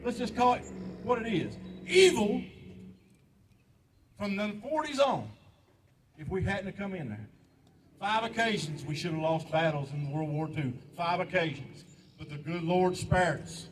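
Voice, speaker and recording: A man's voice: sits high, animated, moderate pace, distant mic, noisy background. An older man, a veteran giving an impassioned, pleading patriotic speech at a memorial ceremony, repeating lines for emphasis. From United States. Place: outdoor memorial park.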